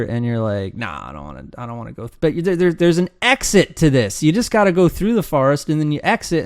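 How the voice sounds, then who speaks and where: A man's voice: a little high, no echo, studio quality. A man teaching how to start an online business in a loose, rambling way, acting out his students' complaints. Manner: rambling, animated, acts out students' voices. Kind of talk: casual screen-share teaching.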